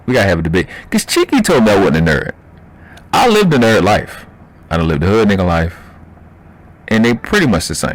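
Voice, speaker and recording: A man from Baltimore with a Baltimore accent, chatting casually and profanely on a livestream while answering chat. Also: low voice. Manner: loose, profane, laughing, reading chat aloud. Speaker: livestream host.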